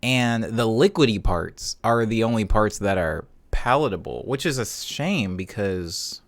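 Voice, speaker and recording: A man's voice: fairly low pitch, lively intonation, unhurried. Streamer guy chatting while making beats, voice bounces all over, hums bum bum bum for chords. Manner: chatty, hums and scats chord notes aloud. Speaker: streamer and music producer. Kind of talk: casual live-stream chat.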